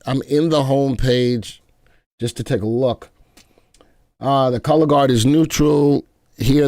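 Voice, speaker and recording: A man's voice: medium pitch, a little mellow, no room sound, clean studio sound. A man hosting a live stream, chatting with viewers in a playful way and often stammering and repeating himself. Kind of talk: casual live market chat.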